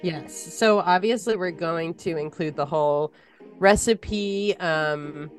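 Slow, low-voiced woman guest. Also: faint music behind. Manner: laughs easily, chatty. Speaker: guest mixologist. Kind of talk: casual chat.

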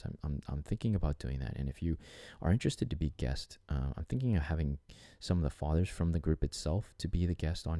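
Podcast host, male, very low mellow voice, earnest and rambling, dry close sound. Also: no echo. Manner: earnest, rambling, with frequent restarts and filler. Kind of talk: reflective solo podcast monologue.

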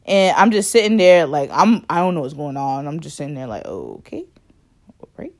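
A woman's voice: sits low, a little mellow. A young woman casually telling a personal story, rambling with lots of fillers and laughing at herself.

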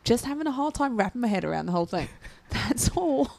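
A young English woman co-hosting a podcast, telling stories in a giggly, animated way. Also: fairly high pitch, fast talker, vocal fry, no echo. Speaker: podcast co-host. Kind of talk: casual chat.

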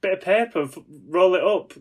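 A man's voice: sits high, fairly quick, slightly rough. A young man co-hosting a podcast, teasing his friend and playing with words in casual chat. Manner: joking, teasing, wordplay. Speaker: podcast co-host.

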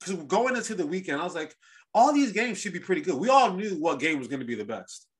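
A man hosting a casual sports podcast, telling stories in an animated, rambling way with lots of restarts. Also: high-pitched, fast talker. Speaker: podcast host.

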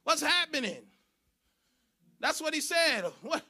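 A man preaching a sermon in church, animated and shouting for emphasis. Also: very high-pitched, takes it slowly. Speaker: pastor.

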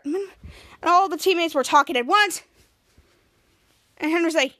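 Very high-voiced woman recapping an episode. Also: fairly quick, a bit bright. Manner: retells scenes, acting out the characters' lines. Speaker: podcast host.

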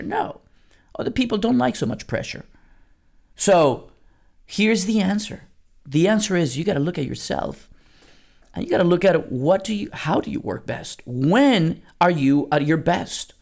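An emphatic man delivers a motivational podcast monologue in a slightly high, gravelly voice. His pitch swings widely as he drives each point home. He talks bluntly and casually, swears now and then, and repeats lines for punch. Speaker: network marketing coach and podcast host.

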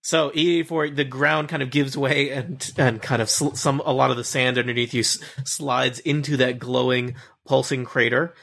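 A game master with a gravelly, creaky voice runs the table in an easygoing way. He laughs often and fills his sentences with ums and uhs as he narrates. His pitch sits in the middle range for a man. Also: normal speed, few pauses. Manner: relaxed, laughs often, many fillers.

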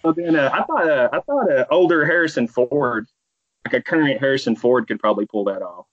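A man's voice: mid-range voice, expressive, a little fast, dry recording. Chill guy talking on a podcast, dry dull lo-fi audio. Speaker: podcast co-host. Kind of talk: casual chat.

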